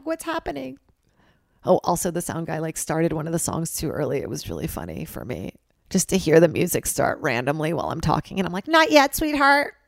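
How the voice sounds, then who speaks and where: A young woman with a low, gravelly voice rambles through a casual solo podcast in a hotel room. She mocks herself and breaks into loud, high-pitched bits. The sound is close and dry. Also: no echo. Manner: loose, rambling, self-mocking, swings into loud high bits. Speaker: podcast host. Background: ice machine outside.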